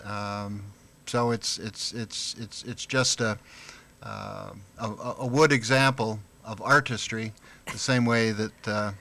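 A man speaking as a radio guest in a halting way, with frequent restarts. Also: on the low side, fairly even intonation, vocal fry, bright, forceful tone. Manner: halting, many restarts and fillers. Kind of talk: casual interview talk.

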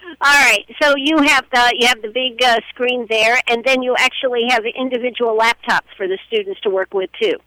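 A conversational radio host leads a live interview recorded at a public library. The voice is bright and sounds close and dry. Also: mid-range voice, fairly even intonation, normal speed, no room sound, low-quality recording. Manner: conversational, steers the talk. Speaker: radio talk show host.

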